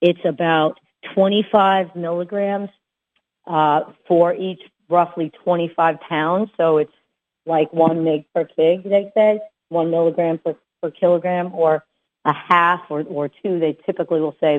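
A woman's voice: lowish voice, steady tone, a little slow. A woman dog trainer giving casual advice, chatty and full of fillers and restarts. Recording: tinny phone-like sound.

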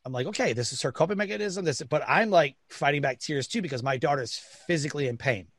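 A man's voice: on the high side, fast, fairly bright tone, no echo. A middle-aged man from Detroit, talking bluntly and emphatically in a casual conversation, acting out what others said. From Detroit, Michigan. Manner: blunt, emphatic, acts out quoted voices. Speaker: podcast guest.

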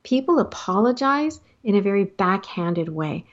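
A woman's voice: mid-range voice, animated, moderate pace, lo-fi sound. A married woman hosting a motivational talk, advising listeners earnestly and laughing now and then at her own points. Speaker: host.

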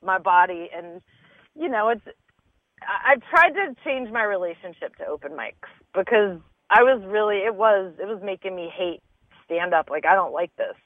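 A woman's voice: mid-range voice, animated, normal speed, dry recording. A woman stand-up comedian chatting as a guest, candid and swearing casually as she acts out her own thoughts. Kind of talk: casual podcast chat. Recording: dry, tinny phone-like sound.

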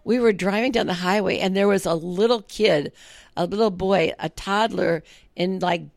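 Gravelly-voiced woman co-host chiming in. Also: medium pitch, normal speed, dry recording, studio quality. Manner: supportive, chiming in with short agreements. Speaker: podcast co-host. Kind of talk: casual chat.

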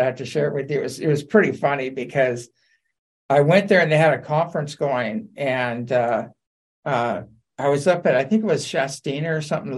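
A man telling lively anecdotes on a talk radio show, laughing and acting out quotes. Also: mid-range voice. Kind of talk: casual storytelling on talk radio.

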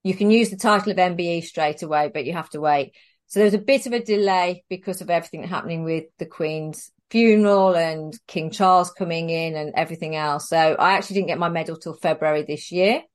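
Chatty woman telling a story, low voice. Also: fairly quick. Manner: chatty, animated storyteller who laughs often. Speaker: guest. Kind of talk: conversational storytelling interview.

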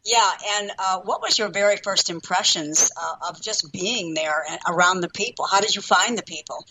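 A woman's voice: medium pitch, moderate pace, pushed and bright, slight background noise, poor audio. A woman hosting an interview, asking questions with small fillers. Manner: engaged, prompting questions with fillers. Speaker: show host.

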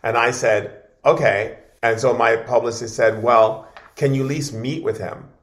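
A man as an interview guest, telling an animated story and acting out what others said. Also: mid-range voice, measured pace. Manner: expressive, dramatic storyteller acting out dialogue.

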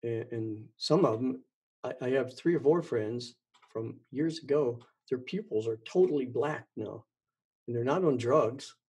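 A man's voice: mid-range voice, unhurried, mellow, slightly rough. A man hosting his own show, talking in a rambling monologue, stumbling and repeating words with many ums. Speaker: podcast host.

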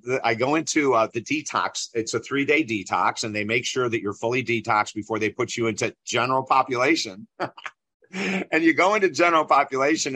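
A middle-aged man, a guest in an interview, telling a personal story in a lively way and acting out the dialogue. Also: mid-range voice, no echo. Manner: animated storyteller who acts out dialogue.

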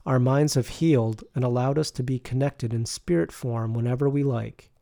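A man voicing a serene gentle spiritual teacher. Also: mid-range voice, creaky, no echo, clean studio sound, close to an everyday voice. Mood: serene, preaching. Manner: slow, tender, preaching.

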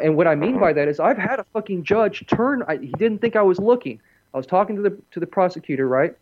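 A man's voice: on the high side, darkish tone. Blunt, profane man on a lo-fi recording. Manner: blunt and profane, tells stories with acted-out quotes. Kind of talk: casual podcast talk.

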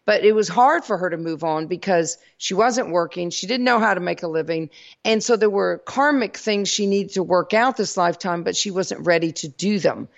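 Southern woman host, folksy spiritual talk, gravelly voice, dull lo-fi recording. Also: medium pitch. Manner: folksy, addresses listeners as y'all.

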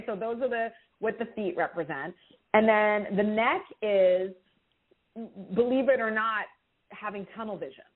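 A woman giving intuitive readings to callers on a call-in show, expressive and reassuring, with feeling in her voice. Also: mid-range voice. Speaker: intuitive reader answering callers. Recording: tinny phone-line sound.

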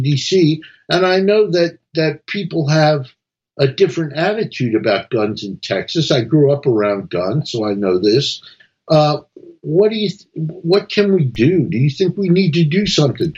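A man's voice: medium pitch, highs cut off. Chatty talk radio host, a man. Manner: chatty storyteller, repeats words, animated when quoting. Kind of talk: casual talk radio chat.

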